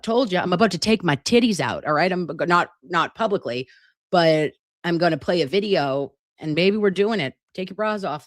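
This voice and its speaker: A woman's voice: on the low side, no room sound, clean studio sound. A woman hosting a casual news commentary show, ranting with profanity and chatting directly to her viewers. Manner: profane, heated ranting with sudden asides.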